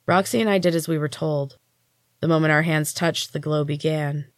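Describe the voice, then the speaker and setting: A woman's voice: deep voice, steady tone, moderate pace, no echo, clean studio sound. Woman reading a story aloud. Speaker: storyteller, podcast host. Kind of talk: scripted first-person audiobook narration.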